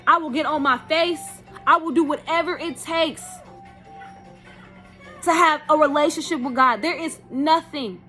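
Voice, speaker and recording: A woman's voice: high-pitched, unhurried, sharp tone, faint music behind. A woman giving an impassioned personal testimony on her vlog, emphatic and preachy, calling out to "y'all". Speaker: vlogger.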